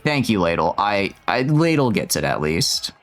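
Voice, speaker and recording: Lively, stammering man streaming a game. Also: lowish voice, normal speed. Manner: animated, joking, stammers and restarts often. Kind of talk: live gameplay commentary. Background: faint game music.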